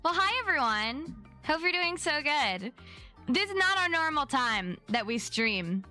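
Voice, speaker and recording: A woman's voice: high voice, very animated, a little slow, pushed and bright, faint music behind. A young adult woman chatting casually on her live stream, bubbly and chatty as she greets viewers by name.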